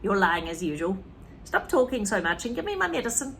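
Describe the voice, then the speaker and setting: A woman's voice: mid-range voice, very animated, fairly quick, a little hiss or hum. Cranky old grandma voiced by a woman reader, impatient and snapping, storybook read-aloud. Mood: snappish. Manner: snapping, impatient, later shrieking. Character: grumpy bossy old grandmother.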